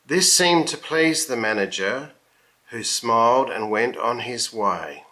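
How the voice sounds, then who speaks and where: A man reading a children's story aloud, lingering over each phrase in a very slow, expressive way. His voice has a bright, forward tone. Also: mid-range voice.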